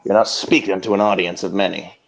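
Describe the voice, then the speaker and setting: A man with a lowish voice rambles through an improvised mock sermon, swinging between hushed whispers and sudden loud declaiming. His delivery is grandiose and preacher-like, and a faint hiss sits under the recording. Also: steady tone, fairly quick, gravelly, low-quality recording. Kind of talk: improvised comedic mock oration.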